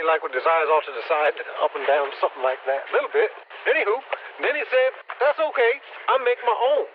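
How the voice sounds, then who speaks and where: A squeaky, high-pitched backwoods man, cheerfully clueless and rambling in loose rural grammar with little "whoop" exclamations. The sound is tinny and phone-like under a faint hiss. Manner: rambling rural grammar, says "ain't" and "yonder". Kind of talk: improvised comedy character.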